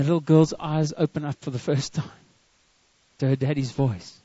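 A man's voice: fairly high pitch, fairly quick, warm tone, no echo, lo-fi sound. A man preaching a sermon to a church congregation, earnest and often repeating words as he starts a line. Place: church service.

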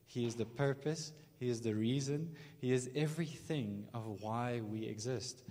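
A man's voice: medium pitch, measured pace, a little mellow. A man preaching a sermon, earnest and emphatic, at a morning church service. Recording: long reverb of a large hall.

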